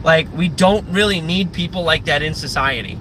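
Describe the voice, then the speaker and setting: A man's voice: on the high side, normal speed, background noise. A man live-streaming in casual chat, rambling and profane, with lots of filler words. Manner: rambling and profane, heavy use of "like".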